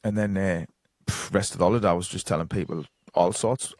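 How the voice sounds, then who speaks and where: This Geordie guest on a podcast, a psychic medium from North East England, speaks in a low, darkish voice at a brisk pace. His casual storytelling runs long and rambling, with many fillers and bits of quoted dialogue. The recording is dry and studio-clean.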